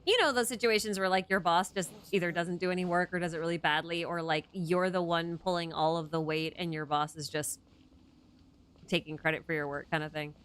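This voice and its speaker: A woman's voice: fairly low pitch, fairly even intonation, brisk, a bit bright, clean tone. A young adult woman hosting a casual chat, rambling and interrupting herself, often laughing mid-sentence. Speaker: host.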